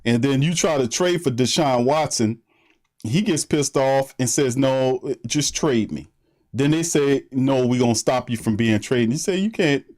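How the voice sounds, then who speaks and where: A man's voice: mid-range voice, a little slow, darkish tone. A man hosting a sports livestream, greeting viewers by name in loose, slangy chat and laughing often. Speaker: sports podcast host.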